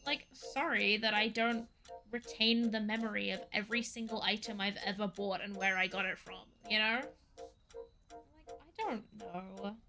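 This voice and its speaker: A woman streams from home, chatting casually in a rambling, ranty way and saying "like" a lot. Her mid-range voice has little pitch movement and a moderate pace, with a pushed, bright quality. Soft background music plays.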